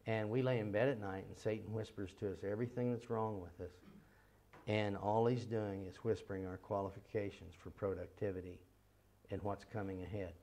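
A middle-aged man delivers a seminar sermon in a fairly low voice. He tells folksy, animated stories and drops into a soft, hushed tone for the prayerful passages. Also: fairly quick. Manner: folksy, animated storytelling with laughter. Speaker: seminar speaker and teacher. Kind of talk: sermon with storytelling.

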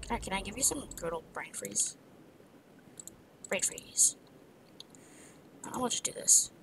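A woman's voice: mid-range voice, very animated, measured pace, background noise. A woman narrating her own gameplay, muttering to herself in a half-whisper with frustrated outbursts. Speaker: gamer. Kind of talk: let's play commentary.

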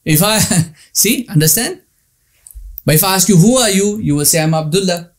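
A man's voice: high-pitched, lively intonation, moderate pace. A man giving a religious lecture, emphatic, repeating points and asking rhetorical questions.

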